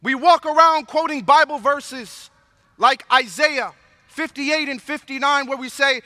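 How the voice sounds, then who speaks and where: Male preacher, slow deliberate delivery, long reverb of a large hall. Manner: solemn low prayer, then animated storytelling preaching. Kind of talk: sermon.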